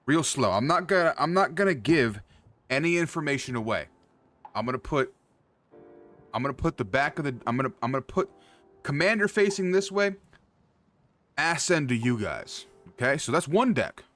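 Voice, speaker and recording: A man's voice: a little high, sing-song, moderate pace, long pauses, a bit bright, faint music behind. A man hosting his own livestream, chatting casually with his viewers in a hyped, loose and profane way. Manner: hyped, loose and profane, talks straight to the chat. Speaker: streamer host.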